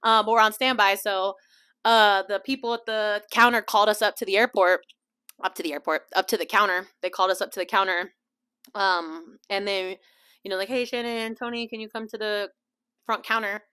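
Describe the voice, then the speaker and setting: A young woman hosting her own podcast, chatting casually about a trip, animated and laughing, acting out other people's lines. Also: medium pitch, a little fast, clear, resonant tone. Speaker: podcast host. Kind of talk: casual storytelling chat.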